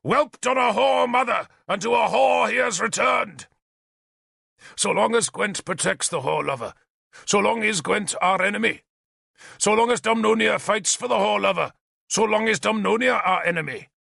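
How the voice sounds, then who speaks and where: A man's voice: high-pitched, lively intonation, normal speed, vocal fry, slightly rough, dry recording, clean studio sound, voice pushed up, exaggerated voice. Man doing a raging one-armed warlord king, Gorfethid. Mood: furious. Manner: shouting, snarling threats.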